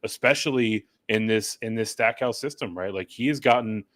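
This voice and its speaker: A man's voice: on the low side, normal speed, a bit bright, no room sound. A man co-hosting a sports talk show who rambles through his analysis, full of "right?" and "you know". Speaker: podcast co-host.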